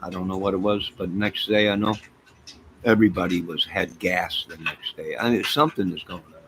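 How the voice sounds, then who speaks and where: A man's voice: low voice, fairly quick. A man hosting a casual livestream from home, rambling through stories and talking to his chat and his pets. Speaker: livestream host chatting with viewers. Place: home apartment by a fire. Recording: steady background noise.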